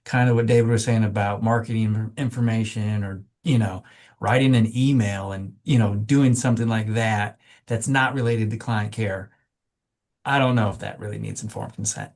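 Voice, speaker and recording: A man's voice: lowish voice, steady tone, moderate pace, darkish tone. Casual, emphatic man in a meeting. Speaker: committee member. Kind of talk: meeting discussion.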